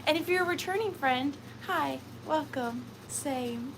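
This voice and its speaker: A woman's voice: sits high, measured pace, a little hiss or hum, rough recording. A woman from Georgia, hosting a casual livestreamed vintage and antique sale. She chats in a rambling way, laughs often and uses lots of fillers. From Georgia, USA.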